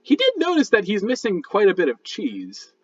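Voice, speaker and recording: A man runs a tabletop game as its dungeon master, narrating at length and stumbling over his words with frequent fillers and restarts. His voice sits a touch high and moves around a lot, and the recording is dull and lo-fi. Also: huge pitch swings, moderate pace, husky. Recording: dull lo-fi sound.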